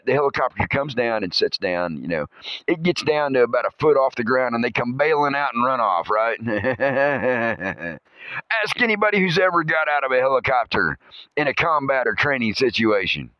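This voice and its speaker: Man, comedy podcast host, lively swooping voice, laughs a lot, swears, dry muffled recording. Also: mid-range voice, moderate pace, no room sound. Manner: rambling storyteller, laughs often, curses, hums movie music. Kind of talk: comedic monologue.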